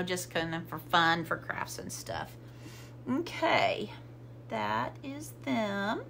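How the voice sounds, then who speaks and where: A middle-aged woman rambles happily through a shopping haul, easily amused by her own purchases. Her voice is bright and a little high. A faint hum sits under the recording. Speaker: vlogger showing a shopping haul. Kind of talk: casual haul chat.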